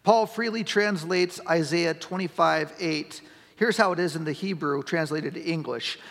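Middle-aged guy preaching a sermon, kinda high voice with a gravelly edge, chatty then gets loud and punchy, big church echo. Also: moderate pace. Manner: conversational preaching that swells to emphatic shouts. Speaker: pastor. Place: church sanctuary. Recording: long church-hall reverb.

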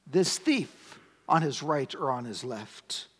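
A man's voice: mid-range voice, lively intonation, slow pace, hardly any pauses, husky. A man preaching a sermon as a pastor, conversational, asking the congregation rhetorical questions. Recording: long hall reverb.

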